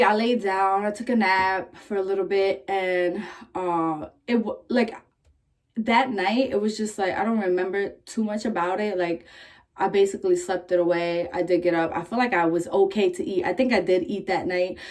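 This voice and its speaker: A young woman vlogging, casually telling a story in a candid, profane, animated way, full of "like" fillers. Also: medium pitch, normal speed.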